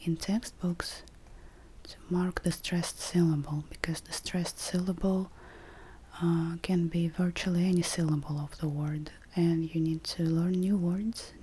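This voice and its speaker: Woman teacher for a whispered role-play, low-pitched, flat and calm, faint room noise under the voice. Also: husky. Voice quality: soft whispering, slow and deliberate. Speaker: language teacher.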